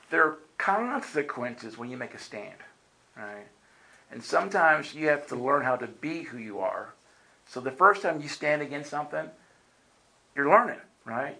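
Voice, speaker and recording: A man preaches and tells a personal testimony as sermon storytelling, speaking conversationally and often checking in with "right?" as he dramatically acts out what people said. His voice is medium-pitched with a fairly bright tone, and the recording is rough.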